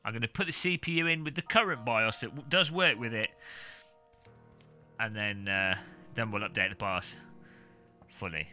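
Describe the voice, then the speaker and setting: A man's voice: fairly low pitch, normal speed, long pauses, sharp tone, faint music behind. A man streaming a casual unboxing, rambling and joking as he reads out foreign words in silly voices. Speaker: tech streamer.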